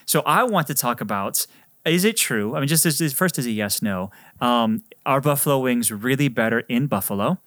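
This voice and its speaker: A male priest hosts a podcast interview in a gentle, halting way, filling his pauses with uhs. His voice is mid-pitched, and the close recording is very dry, with no room sound. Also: expressive, dry recording. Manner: gentle, hesitant with many uhs. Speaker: host, priest.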